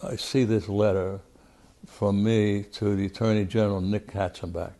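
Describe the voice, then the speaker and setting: Older New man, ex-congressman, deep and mellow, tells it blunt and salty. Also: flat delivery, normal speed. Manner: blunt, profane storyteller who repeats words as he goes. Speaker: former congressman. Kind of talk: recounting past events in an interview.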